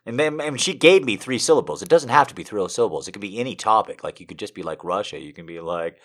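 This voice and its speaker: A man streaming from home, reading poems and love letters aloud with slow drama, breaking off into chatty, profane asides. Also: on the low side, big pitch swings, a bit bright.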